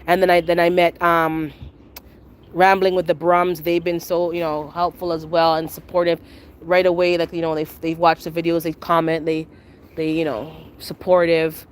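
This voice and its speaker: A woman's voice: lowish voice, flat delivery, normal speed, clear, resonant tone. A woman chatting casually on a live stream while she walks around her backyard garden, answering viewer comments. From Canada. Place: outdoor backyard garden near a rail line.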